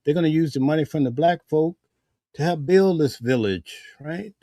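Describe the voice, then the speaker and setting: A man's voice: fairly high pitch, normal speed, warm tone, dry recording, clean studio sound. A man giving casual spoken commentary in a heated, preachy way, full of rhetorical questions. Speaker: vlogger.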